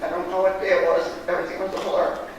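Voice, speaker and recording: A woman giving a heartfelt personal testimony at church, in halting, storytelling speech. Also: lowish voice, level tone, highs cut off. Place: church sanctuary. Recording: echoey church hall, distant mic, background noise.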